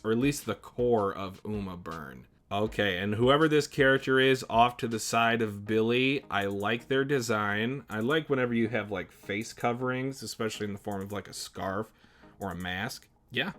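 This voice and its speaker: A man's voice: fairly low pitch, normal speed, a bit bright. A man hosting a manga reaction, reading the character dialogue aloud and breaking off into chatty remarks.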